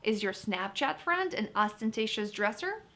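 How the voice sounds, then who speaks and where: A woman's voice: a little high, big pitch swings, moderate pace, noisy background. A woman teaching vocabulary in an upbeat, chatty lesson, talking to viewers as guys. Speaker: vocabulary tutor. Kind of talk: lively test-prep lesson.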